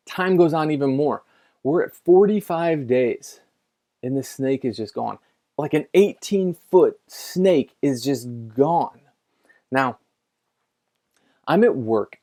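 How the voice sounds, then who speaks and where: Gravelly-voiced middle-aged man preaching. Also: mid-range voice, slow pace, warm tone. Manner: informal and chatty, many fillers and restarts. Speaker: pastor. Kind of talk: conversational sermon storytelling.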